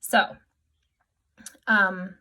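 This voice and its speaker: A woman's voice: medium pitch, little pitch movement, extremely slow, pushed and bright. A woman talks straight to the camera in a casual makeup tutorial for her customers. She is chatty and upbeat, pokes fun at herself, and walks through each step in a friendly, everyday voice. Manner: chatty, upbeat and self-deprecating. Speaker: makeup artist.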